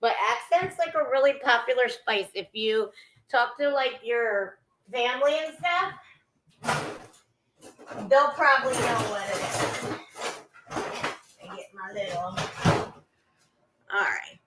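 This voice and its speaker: A woman's voice: on the high side, lively intonation, takes it slowly, pauses often, pushed and bright, rough recording. A woman chatting casually with viewers while cooking, greeting them by name as she goes. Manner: chatty, greets viewers mid-sentence, trails off. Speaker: vlogger cooking on a livestream.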